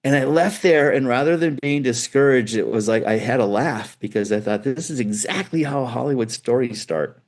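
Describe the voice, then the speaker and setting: A middle-aged man, a guitar builder, chatting as a guest in an interview and telling animated, loose stories with frequent restarts. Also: medium pitch, normal speed, hardly any pauses. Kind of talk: casual storytelling interview.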